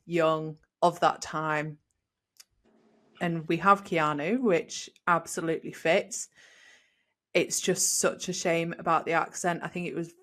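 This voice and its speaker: A woman hosting a podcast, chatting in an animated way and laughing often as she reviews a film. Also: on the low side. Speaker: podcast host. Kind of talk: casual film review chat.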